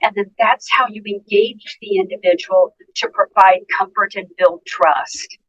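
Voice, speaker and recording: A woman's voice: mid-range voice, measured pace, a bit bright, husky, muffled recording. A woman nurse, a guest on a podcast interview, giving earnest, emphatic advice and speaking directly to listeners. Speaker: guest nurse and dementia care educator.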